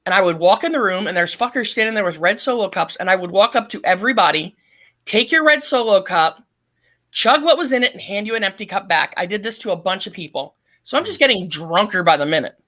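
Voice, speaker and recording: A middle-aged woman, a podcast guest, telling a long story in a blunt, profane and animated way. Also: mid-range voice, fast talker. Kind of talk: casual storytelling.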